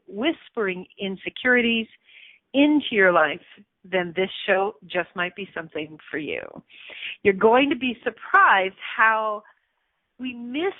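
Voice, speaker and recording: A woman's voice: mid-range voice, dry recording, phone-quality sound. A woman hosting a self-help radio show, talking expressively and acting out anxious inner voices.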